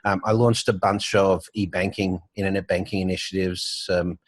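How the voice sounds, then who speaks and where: A middle-aged man with a softened Australian accent, telling stories as an interview guest, full of fillers and restarts. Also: low-pitched, level tone, normal speed, no echo. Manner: storytelling, with frequent fillers and restarts. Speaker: guest, banking entrepreneur. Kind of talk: casual conversational interview. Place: home office with artwork on the wall.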